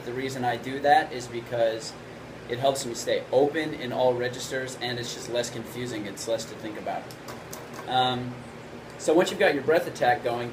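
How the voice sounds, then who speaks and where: A man teaching trumpet basics in a video lesson, explaining in a relaxed way and often checking in with "right?". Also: medium pitch, noisy background.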